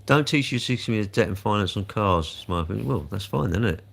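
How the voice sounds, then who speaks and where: A man's voice: on the low side, animated, fast talker, gravelly. Chatty man on a live stream. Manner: chatty and rambling, scolding trolls with rising heat. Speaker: livestreamer answering chat comments. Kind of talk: casual live-stream chat.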